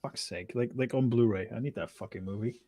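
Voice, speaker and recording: A man's voice: medium pitch, fairly quick, a loud crowd. A man chatting casually online, swearing now and then.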